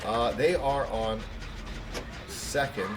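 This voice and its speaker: A man streaming a game live, chatty and excitable, talking to viewers between moves. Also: mid-range voice, slow pace, music in the background. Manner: chatty, excitable, laughs easily. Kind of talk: live gameplay commentary.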